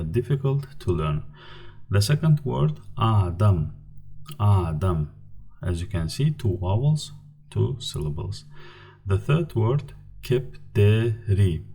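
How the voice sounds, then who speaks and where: A man teaching a language lesson from slides, patiently repeating each example word slowly. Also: on the low side, vocal fry, dark tone, breathy edge.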